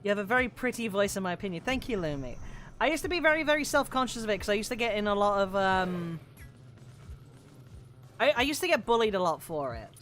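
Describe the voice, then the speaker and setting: This medium-pitched woman talks fast and expressively, with a slightly bright sound and a faint hiss or hum in the recording. She's a streamer chatting loosely as she plays a game, rambling, cursing often, and filling gaps with fillers, and she calls her own voice androgynous.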